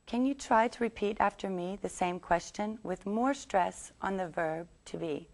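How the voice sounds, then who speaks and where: A woman teaching English, reading a scripted lesson and saying model sentences slowly for learners to repeat. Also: mid-range voice, a little mellow. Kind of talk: scripted language lesson narration.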